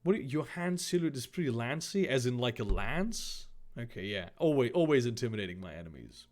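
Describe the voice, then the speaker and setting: A man's voice: medium pitch, big pitch swings, fairly quick. A man hosting a comedic reading of a fan story, making sardonic, rambling asides between passages.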